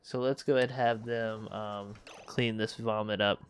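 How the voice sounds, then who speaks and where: A man's voice: lowish voice, fairly even intonation, normal speed, clean tone. A man hosting a let's play, thinking aloud and correcting himself as he manages a space colony game. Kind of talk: casual gameplay commentary.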